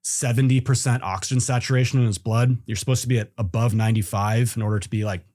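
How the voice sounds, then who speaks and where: A man's voice: mid-range voice, fast, no echo, clean studio sound. A man telling a mountain story in a casual interview, acting out what others said. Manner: animated storyteller acting out quotes. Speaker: guest climber.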